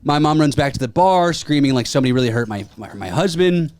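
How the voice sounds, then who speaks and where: A man's voice: a little high, fast talker, no room sound. A man on a podcast telling a story in casual chat, acting out the people he quotes. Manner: animated retelling with quoted voices. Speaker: podcast co-host.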